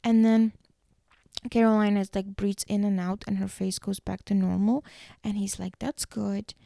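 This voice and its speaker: A woman recapping a TV episode for a podcast, her mid-pitched voice carrying a gravelly, creaky edge. Her tone is mellow and dark, and the sound is close and dry, with no room echo. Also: little pitch movement. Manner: retells scenes and acts out the characters' lines in quick shifting voices.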